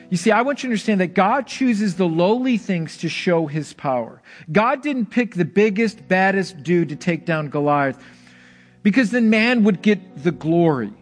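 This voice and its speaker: Pastor guy preaching, kinda high voice, gets all fired up telling the story, soft music in the back. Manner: animated storytelling, shouts of excitement, dramatic pauses. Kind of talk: sermon.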